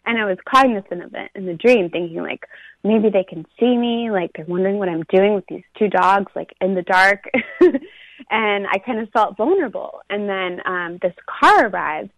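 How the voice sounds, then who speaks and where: A woman's voice: medium pitch, normal speed, dry recording. Woman, casual dream retelling, rambling, filler-heavy, muffled lo-fi audio. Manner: rambling, fills speech with "like". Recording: dull lo-fi recording.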